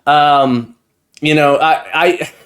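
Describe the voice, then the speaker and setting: A man's voice: fairly high pitch, moderate pace. A man streaming live, greeting his chat one by one in an effusive, grateful way, rambling and restarting as he gets a little emotional. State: getting emotional. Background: faint background music.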